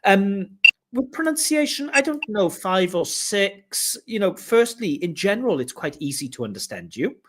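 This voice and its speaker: A man's voice: high-pitched, moderate pace, heavy background noise. A man working as a speaking test examiner, giving a candidate direct, explanatory feedback on his scores. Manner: direct, explanatory, mimics flat intonation with "duh duh". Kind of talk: giving spoken exam feedback.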